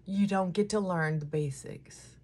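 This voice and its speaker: A woman's voice: lowish voice, unhurried, a little mellow. A middle-aged woman chatting emotionally and candidly while doing her makeup at home, close to tears at times. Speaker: vlogger.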